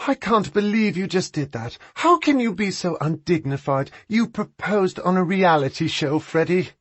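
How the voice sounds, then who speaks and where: A man voicing a haughty, exasperated aristocratic woman who scolds her brother in a high, indignant tone. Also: expressive, normal speed, breathy edge, no echo, lo-fi sound.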